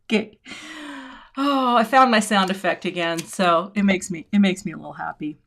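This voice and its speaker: A middle-aged woman running a casual crafting livestream, talking to her viewers in a relaxed, rambling way as she works with her hands. Her voice sits at an ordinary middle pitch, and she thinks aloud and jokes along as she goes. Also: normal speed, creaky. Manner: chatty, thinks aloud while working, talks to viewers. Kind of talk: casual live demo chat.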